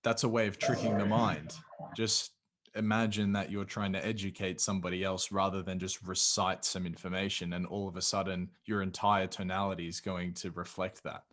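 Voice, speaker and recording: An Australian man hosts a casual podcast interview. His voice is very low. He sounds relaxed and eager. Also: normal speed, slight background noise. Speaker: podcast host.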